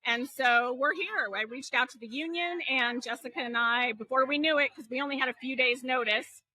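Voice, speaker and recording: A woman podcast host in casual chat, with a high, bright voice in a dry space. She is jet-lagged, teasing and outspoken. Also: fairly quick, dry recording, rough recording.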